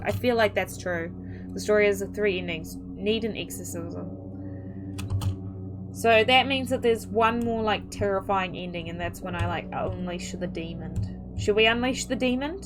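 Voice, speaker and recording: A woman's voice: medium pitch, poor audio. A young woman gaming creator reading an interactive horror story aloud, chatty and reactive, with startled outbursts as she comments between lines. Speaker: gaming YouTuber.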